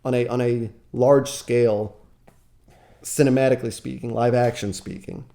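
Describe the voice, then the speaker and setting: A man's voice: mid-range voice, steady tone, normal speed, creaky, mellow. A man chatting as a podcast guest, rambling and correcting himself as he talks enthusiastically. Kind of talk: casual chat.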